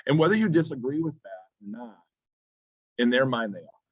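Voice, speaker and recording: A man's voice: mid-range voice, lively intonation, moderate pace, husky, no echo. A man who teaches teens, speaking to parents at a school seminar in an earnest, pleading, advice-giving way. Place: school room. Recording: dull lo-fi sound, dry.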